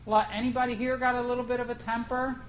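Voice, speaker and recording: A woman's voice: on the high side, flat delivery, quick pace, a little hiss or hum, low-quality recording. A woman preacher telling a fishing story in a folksy, conversational way, asking the congregation questions. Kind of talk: storytelling sermon.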